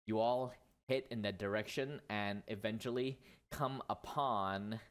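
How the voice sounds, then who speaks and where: A man's voice: fairly low pitch, fairly even intonation, measured pace, clean tone. A man narrating as dungeon master in a tabletop game, chatty, correcting himself as he goes. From Malaysia. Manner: chatty, with self-corrections and laughs.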